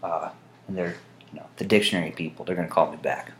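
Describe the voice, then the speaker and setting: A man's voice: low voice, steady tone, quick pace, slight background noise. A man chatting casually to camera in a vlog, meandering and dry-humored, with frequent fillers. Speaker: vlogger. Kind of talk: casual rambling monologue to camera.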